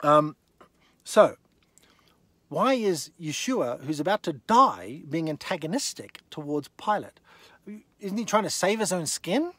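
A man giving an animated, conversational Bible lesson, firing rhetorical questions straight at the listener. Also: fairly high pitch, measured pace, dry recording. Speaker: Bible teacher.

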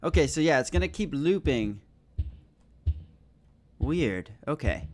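High-voiced young man, nervous swearing gamer. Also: slow. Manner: excitable, swearing, nervous joking. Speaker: gaming YouTuber. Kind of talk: horror game let's play commentary.

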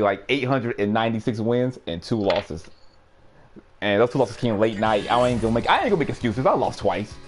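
Lively, laughing young man streaming a game. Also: fairly low pitch. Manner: animated, laughs often, sudden excited outbursts. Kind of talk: casual storytelling while playing a game.

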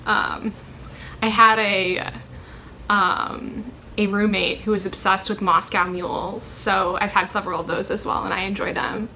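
Young woman vlogger, bright tone, rambling chatty delivery, faint background hiss. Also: mid-range voice, little pitch movement, moderate pace. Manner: rambling, chatty, many ums and self-corrections. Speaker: vlogger answering a question tag. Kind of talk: casual chat.

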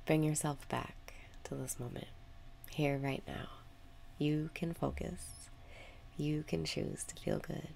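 A woman guiding a meditation with calm, unhurried spoken instructions. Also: low-pitched, creaky, slight background noise. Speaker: meditation guide. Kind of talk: guided meditation.

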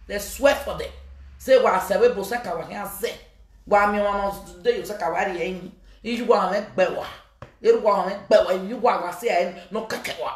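A woman's voice: mid-range voice, brisk, roomy sound. A woman with a Nigerian accent delivering a scolding, emphatic vlog message to her fans, often slipping into Pidgin. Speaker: social media personality addressing fans.

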